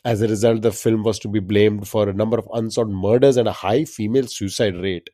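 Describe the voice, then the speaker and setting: Easygoing laughing man, mellow voice. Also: fairly low pitch, fairly even intonation, brisk, no room sound, clean studio sound. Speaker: podcast co-host. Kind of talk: casual trivia chat.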